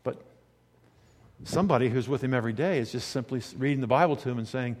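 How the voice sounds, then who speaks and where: A male pastor delivers a sermon, shifting between soft, intimate storytelling and loud, fervent preaching. His medium-pitched voice moves fast and trails off in a long reverb tail.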